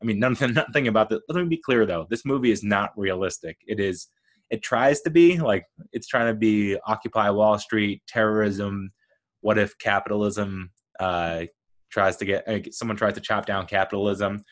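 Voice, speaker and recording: A man with a fairly low voice hosts his own movie podcast. He rambles through his thoughts, cracking jokes, breaking off mid-sentence and jumping in pitch when he gets excited. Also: normal speed. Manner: rambling, jokey, animated, self-interrupting. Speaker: podcast host. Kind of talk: solo casual movie commentary.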